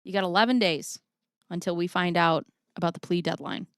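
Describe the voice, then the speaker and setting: Woman streamer, lowish smooth voice, dry close sound, casual and blunt, reads chat aloud. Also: a little fast, a bit bright, dry recording. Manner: chatty, swears freely, reads chat aloud. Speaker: livestream host. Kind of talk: casual livestream commentary.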